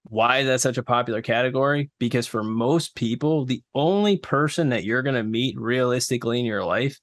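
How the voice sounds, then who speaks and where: A man guesting on a podcast, talking in a relaxed, explanatory way with plenty of fillers. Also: mid-range voice, no echo, studio quality. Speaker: podcast guest, ASMR creator. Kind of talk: casual podcast chat.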